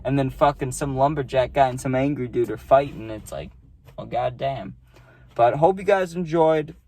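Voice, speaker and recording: A man's voice: medium pitch, brisk, a little mellow. A man telling a story to his channel in a casual, rambling way, full of swearing and fillers. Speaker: storytime vlogger.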